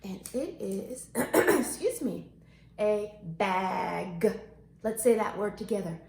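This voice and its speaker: A woman teaching a phonics lesson to young children, animated and sing-song, stretching words out slowly. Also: medium pitch, reverberant. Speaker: kindergarten teacher.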